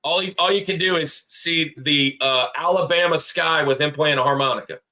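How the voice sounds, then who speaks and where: A man's voice: a little high, moderate pace, sharp tone. A man co-hosting a casual podcast, rambling and laughing as he tells stories. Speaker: podcast co-host.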